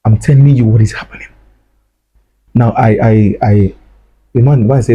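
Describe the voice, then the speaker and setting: A man's voice: mid-range voice, fairly even intonation, moderate pace, pauses often, husky, lo-fi sound. A man, telling a personal story in an emotional way, repeating his phrases. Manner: repeats phrases, acts out dialogue. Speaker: guest recounting his ordeal.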